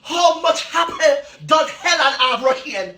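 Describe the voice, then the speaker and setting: A woman's voice: high-pitched, animated, measured pace, bright, forceful tone. A Jamaican-accented mother berating her child over homework, repeating his name.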